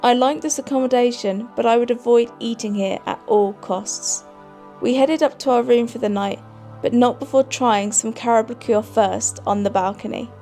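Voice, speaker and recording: A woman from the UK narrating a travel vlog voice-over in a brisk, matter-of-fact way. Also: on the high side, warm tone, faint music behind. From United Kingdom.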